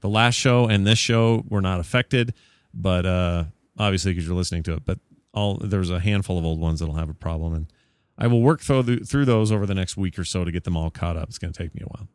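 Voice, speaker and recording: Joking low-voiced male podcast host. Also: quick pace, clean tone, no room sound. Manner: jokey, rambling, corrects himself. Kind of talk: casual podcast chat.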